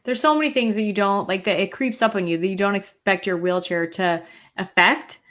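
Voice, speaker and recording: Woman, podcast co-host, animated casual chat, lots of fillers, video call. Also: mid-range voice, brisk. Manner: animated, venting, uses filler "like" often.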